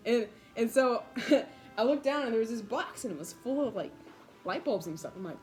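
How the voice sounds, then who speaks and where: A young woman in a casual vlog, bubbly and giggly, filling her story with "like" and laughter, excited and caffeinated. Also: fairly high pitch, fast, faint music behind. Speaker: vlogger.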